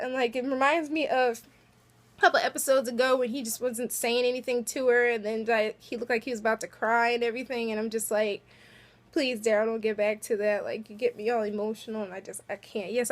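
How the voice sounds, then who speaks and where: Brief: high-pitched woman, giggly and chatty, casual recap vlog. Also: fairly bright tone. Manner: chatty, giggly, lots of filler words. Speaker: vlogger.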